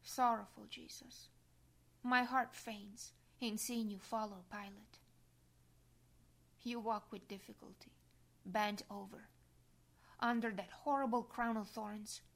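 Woman softly reading a devotional meditation. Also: medium pitch, steady tone, slow pace, gravelly, pauses often. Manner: hushed, often whispering. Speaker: reader.

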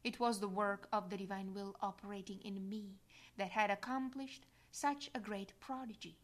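A woman voicing a tender, motherly heavenly queen in a slow, gentle devotional reading that drops to soft whispers. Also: medium pitch, fairly even intonation, voice pushed down, close to an everyday voice.

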